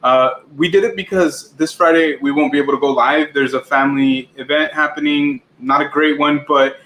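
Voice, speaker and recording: A man's voice: fairly high pitch, fairly even intonation, normal speed, a bit bright. A man co-hosting a casual livestream, cheerfully greeting chat viewers by name. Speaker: livestream co-host. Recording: echoey room with faint background noise.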